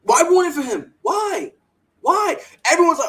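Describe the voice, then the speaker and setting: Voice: mid-range voice, lively intonation, a little fast, a bit bright, poor audio. A sports podcast host giving opinionated takes in a fired-up, emphatic way, often repeating words and mocking others in put-on quoted voices.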